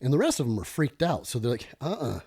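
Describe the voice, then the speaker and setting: A middle-aged man, a former police lieutenant, telling a story as a podcast guest in an animated, self-interrupting way. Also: mid-range voice, quick pace, breathy edge.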